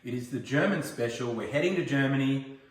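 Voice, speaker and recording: A man's voice: mid-range voice, fairly quick. A man in his forties with an Australian accent, chatting casually as he hosts a home cooking video and tells rambling stories. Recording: roomy echo, mic far off.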